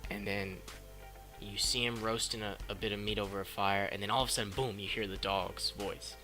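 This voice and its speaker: A man recapping a film casually, swearing a lot and rambling excitedly, on a cheap mic. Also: lowish voice, brisk. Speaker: film review vlogger. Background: background noise and faint music.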